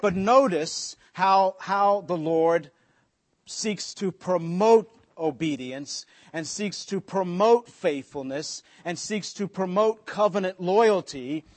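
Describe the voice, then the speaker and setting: Pastor preaching, slightly high voice. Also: male voice. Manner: conversational preaching, joking asides, slowing for emphasis. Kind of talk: sermon.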